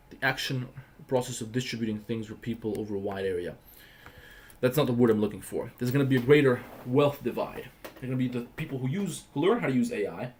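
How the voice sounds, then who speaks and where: A man from the Balkans hosts a casual livestream, firing off quick, blunt answers peppered with swearing. He talks fast and with heavy emphasis, pushing his opinions hard. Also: mid-range voice, a little mellow, slight background noise. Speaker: livestream host.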